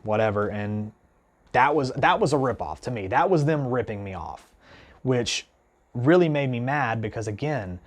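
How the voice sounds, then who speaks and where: A man's voice: mid-range voice, moderate pace. A man vlogging casually to camera, telling an indignant story in a rambling way, full of "like" and "you know". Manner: animated, indignant retelling with many restarts. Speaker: guitar vlogger.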